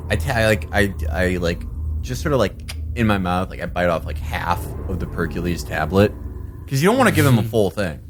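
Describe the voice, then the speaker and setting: A man playing a tabletop game, talking casually with halting fillers. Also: low-pitched, sing-song, soft background music. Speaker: player.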